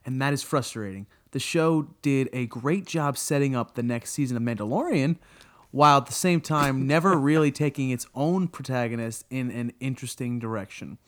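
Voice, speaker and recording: A man reviewing a TV show on a podcast, exasperated and profane, breaking into high incredulous outbursts. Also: normal speed. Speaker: podcast co-host. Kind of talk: casual episode review rant.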